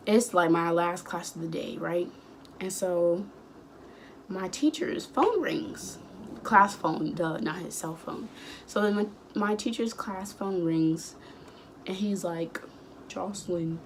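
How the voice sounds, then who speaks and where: A young woman in her late teens chatting casually, rambling through a storytime and acting out the dialogue with sudden high outbursts. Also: slight background noise. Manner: acts out quoted dialogue. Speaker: vlogger.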